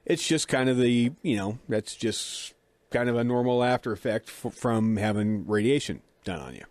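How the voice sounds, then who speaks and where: A middle-aged man tells a story in a relaxed, chatty way, poking fun at himself and playing out both sides of a conversation. His mouth sounds a little dry. The recording is close and dead, with no room sound. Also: mid-range voice, normal speed, no room sound. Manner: chatty, self-deprecating, acts out dialogue. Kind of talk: casual storytelling.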